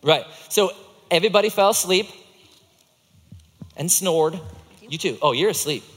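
A bright, high-pitched man tells a Bible story to a group of children in a playful way and coaches the young volunteers acting it out. His voice swoops up and down with energy and echoes through a large hall. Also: measured pace. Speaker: children's ministry teacher.

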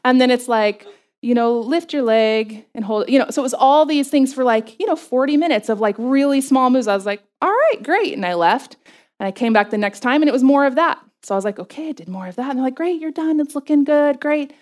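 A middle-aged woman with a fairly high voice speaks to a group about faith, sharing lively personal anecdotes. Her talk is dotted with quick asides and bursts of self-deprecating laughter.

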